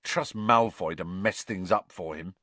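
A man's voice: low voice, measured pace, bright, forceful tone, dry recording. A worried, gloomy teenage schoolboy speaks glumly, as a male narrator voices him. The voice stays close to the reader's own, recorded dry and near. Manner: glum, worried.

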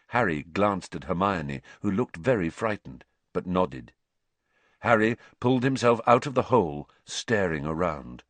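A man with a low voice narrates a story with dramatic, expressive delivery, his pitch rising and falling widely. He is recorded close on a studio mic in a dry, dead room. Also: dry recording. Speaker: audiobook narrator. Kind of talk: scripted narration.

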